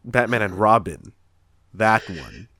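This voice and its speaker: A man telling stories in casual, profane chat, animated when he tells them. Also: lowish voice, slow, husky, dry recording, clean studio sound.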